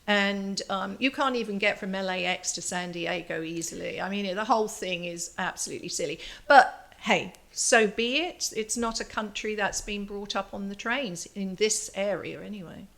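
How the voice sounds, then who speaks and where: A woman's voice: mid-range voice, moderate pace, vocal fry, hardly any pauses, a bit bright. An older English woman, a guest artist, telling chatty self-deprecating stories in a casual interview. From England. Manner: chatty storyteller, self-deprecating, laughing asides.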